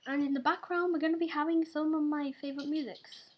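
A woman's voice: high-pitched, steady tone, quick pace, highs cut off, a little hiss or hum. A young woman, in her teens, hosting a casual gaming video with chatty, giggly, teasing talk. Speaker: gaming channel host.

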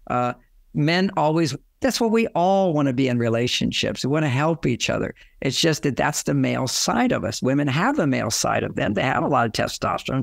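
A man's voice: medium pitch, creaky, dry recording, clean studio sound. A man giving relationship advice as a guest in an interview, rambling and often acting out quoted dialogue.

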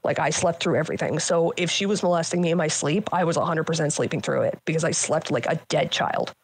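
A woman in her thirties, appearing as a guest, tells painful family memories bluntly and candidly, swearing often and using many fillers. Her voice is deep, husky, and quick, and the recording is dry.

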